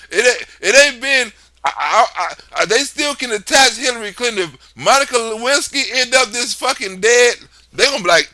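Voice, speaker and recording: A man's voice: high voice, sharp tone, no room sound. A man hosting a livestream, talking in a loose, profane political rant, laughing often. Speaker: livestream host.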